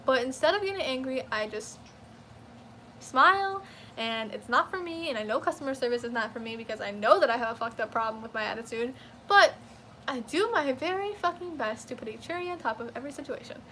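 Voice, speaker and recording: A young woman telling a profane, animated story in a casual storytime rant. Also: high-pitched, a little hiss or hum. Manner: profane, animated, quick to flare up. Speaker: vlogger.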